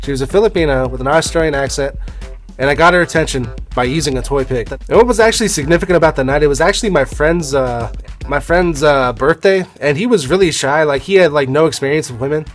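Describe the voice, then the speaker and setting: A man's voice: a little high, fast talker, soft background music. A young man telling a personal story in a rambling, offhand way, with the odd swear word. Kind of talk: casual storytelling.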